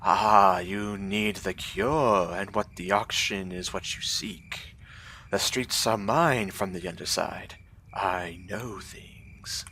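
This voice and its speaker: Man voicing a sly gnome beggar; knowing, lilting, a bit high. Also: lively intonation, takes it slowly, vocal fry, bright, forceful tone, a little hiss or hum, heavily acted. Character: sly, cheerful poor male gnome beggar.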